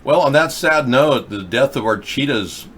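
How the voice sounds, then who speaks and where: A male host chats loosely on a livestream, wandering between asides and sarcastic jabs. His voice sits in a middle pitch. A faint background hiss stays under him throughout. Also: expressive, normal speed, fairly bright tone. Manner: rambling, sarcastic, mocking chatters. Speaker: political talk show host. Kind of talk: casual livestream chat. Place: in the US Pacific Northwest.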